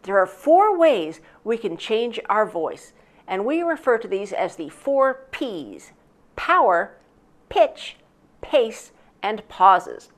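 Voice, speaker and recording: A woman teaching public speaking in an instructional narration, expressive and clear as she shifts her loudness and pitch to show each point. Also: slow pace.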